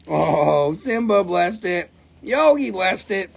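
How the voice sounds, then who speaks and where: A man's voice: a little high, expressive, slow pace, vocal fry, fairly bright tone, a little hiss or hum. A man hosting a live stream where he sells minerals, chatting casually and joking around, and talking to his dogs between items. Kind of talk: casual live sales chat.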